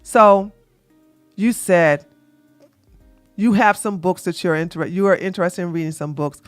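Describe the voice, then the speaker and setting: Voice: mid-range voice, a little slow, no room sound, soft background music. A live-stream dating advice host talking to the chat, brash and scolding, trash-talking with bursts of laughter and repeating phrases for emphasis.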